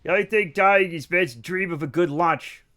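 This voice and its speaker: A man streaming a space game live, chatting with his audience in an animated, joking way and swearing freely. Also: high voice, moderate pace. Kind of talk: live gameplay stream chat.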